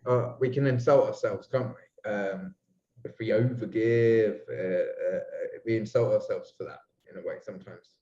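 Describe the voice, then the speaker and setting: A man's voice: on the low side, moderate pace, warm tone, roomy sound, dull audio. A man guest musing reflectively on spiritual ideas in a casual conversation. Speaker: astrologer guest.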